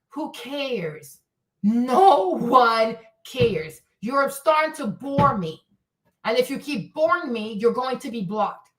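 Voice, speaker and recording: A woman's voice: a little high, fairly bright tone, distant mic. A woman hosting a live stream, answering chat in a profane, taunting, repetitive rant. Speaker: livestream host. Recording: echoey room, away from mic.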